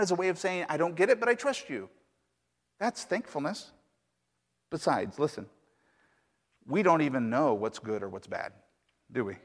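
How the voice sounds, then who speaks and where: A middle-aged male pastor preaching and telling a parable, dropping soft and slow then rising loud and high for emphasis. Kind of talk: sermon with storytelling. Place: church sanctuary. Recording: long reverb of a large hall.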